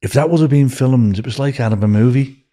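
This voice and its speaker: An older man with a Liverpool accent, telling rambling, animated anecdotes as a podcast guest. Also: mid-range voice, brisk. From Liverpool, England. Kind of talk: casual storytelling.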